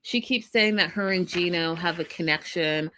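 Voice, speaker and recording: A chatty woman talks straight to her viewers as she recaps a reality show. Her voice is bright and sharp, and she laughs often. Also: lowish voice, normal speed, a little hiss or hum. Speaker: podcast co-host. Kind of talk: casual TV recap chat.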